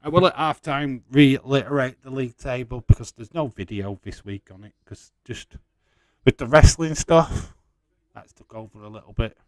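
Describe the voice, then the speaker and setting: A man's voice: mid-range voice, moderate pace, no room sound. A man hosting a casual live watch-along, chatting and teasing viewers while calling out match updates, swearing freely. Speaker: watch-along host reading viewer chat. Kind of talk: casual live commentary and chat.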